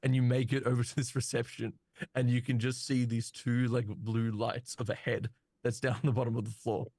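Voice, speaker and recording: A man's voice: medium pitch, level tone, moderate pace, mellow, no room sound. A man narrates as game master, feeling his way through scenes with plenty of ums and likes. His voice sits mid-range and the sound is dry and close, like a home mic on a voice chat. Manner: loose, hesitant narration full of fillers.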